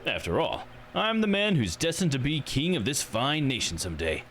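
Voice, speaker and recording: A man's voice: medium pitch, huge pitch swings, moderate pace, fairly bright tone, slight background noise, pitched above the performer's own voice. A man voicing a pompous, self-important male politician, grandiose and condescending. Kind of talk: reading game dialogue on a livestream.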